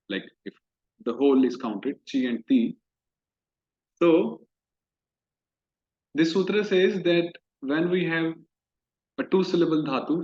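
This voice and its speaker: A man with a slightly high, somewhat mellow voice teaches Sanskrit grammar in a recorded online class lecture. He explains things step by step and repeats the key terms. The recording is dull and lo-fi.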